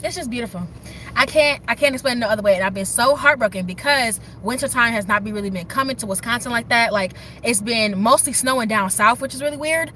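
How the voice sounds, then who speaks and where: Young woman, excited rambling livestream chat, bright forceful voice, outdoors, phone mic. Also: a little high, quick pace, a little hiss or hum. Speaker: livestream host. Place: outdoors in the snow beside her car.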